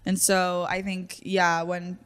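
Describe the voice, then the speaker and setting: A young woman chats on her podcast, loose and giggly, her sentences full of fillers and quick asides. She talks in an easygoing, everyday way as co-host. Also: lowish voice, monotone, fairly bright tone, smooth. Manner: chatty, giggly, filler-heavy. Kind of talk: casual chat.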